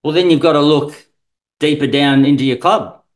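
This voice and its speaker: A man's voice: a little high, normal speed, poor audio. A man, a swimming coach, talking casually on a podcast in a rambling, unpolished way. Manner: rambling, many fillers and restarts. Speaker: swim coach guest.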